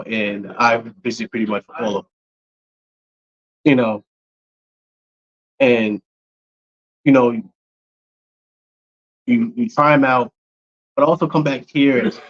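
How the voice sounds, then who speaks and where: A man of ordinary pitch chats loosely on a podcast, filling every pause with "you know." He sounds like a regular of the shop rather than its owner. The audio is dull and lo-fi. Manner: rambling, full of "you know" fillers. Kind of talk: casual podcast chat.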